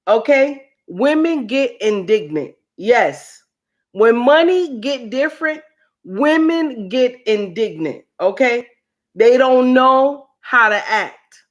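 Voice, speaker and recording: Slow, preachy woman on a livestream. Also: on the high side, lively intonation. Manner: preachy, repeats lines for emphasis. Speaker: livestream host. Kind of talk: casual commentary livestream.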